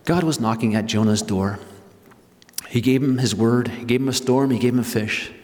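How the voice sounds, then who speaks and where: A man's voice: mid-range voice, moderate pace, a little mellow. A man preaching a sermon as pastor in a church sanctuary, retelling scripture with emphatic stresses, drawing out key words and then pressing ahead. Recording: long hall reverb.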